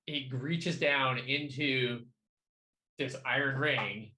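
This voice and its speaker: A man with a voice of middle pitch plays a tabletop game. He describes what his character does in a loose, joking way and often stops to start over. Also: steady tone, slow, pushed and bright, slight background noise, poor audio. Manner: casual, joking, with restarts. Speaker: player.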